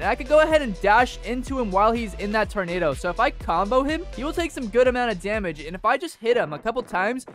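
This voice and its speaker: A young man giving excited, joking commentary on a game he is playing. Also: high-pitched. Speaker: gaming video host. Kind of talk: gameplay commentary. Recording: faint music behind. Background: background music.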